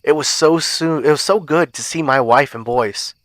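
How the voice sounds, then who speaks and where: A man hosting a podcast, reading a first-person horror story aloud in a measured, suspenseful way. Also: on the high side, a bit bright, no echo. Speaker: podcast host and narrator.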